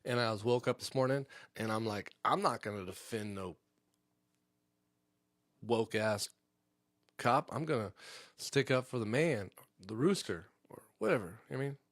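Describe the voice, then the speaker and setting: A man hosting a comedy podcast live stream from home, telling a rambling, profane story in a casual, animated way. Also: mid-range voice, no room sound, clean studio sound. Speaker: podcast host.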